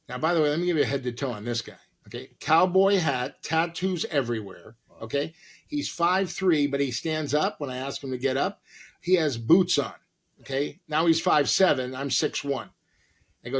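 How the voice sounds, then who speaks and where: Husky guy spinning big showbiz stories, acts out all the voices. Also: mid-range voice, fairly quick. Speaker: guest, actor and comedian. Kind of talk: animated storytelling.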